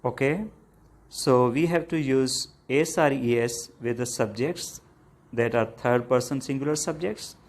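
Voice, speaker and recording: A man's voice: mid-range voice, measured pace. A man with a South Asian English accent teaching a grammar lesson, patiently explaining with many fillers and "okay?" checks.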